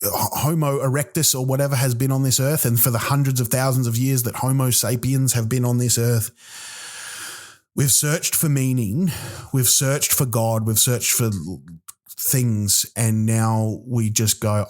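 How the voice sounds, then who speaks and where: A man's voice: medium pitch, unhurried. Male comic, profane rambling monologue, mid-range voice. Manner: exasperated, profane, animated rants. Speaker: comedian podcast host.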